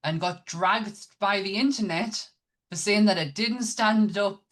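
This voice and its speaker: A woman's voice: mid-range voice, unhurried, a bit bright. A woman with a British accent co-hosting a casual podcast, chatty, with many ums and restarts. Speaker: podcast co-host.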